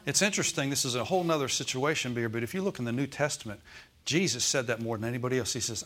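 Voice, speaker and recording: A man's voice: mid-range voice, fast, fairly bright tone. A male pastor preaching a Sunday sermon in a church, often calling out "Amen?" and "Okay?" to the congregation.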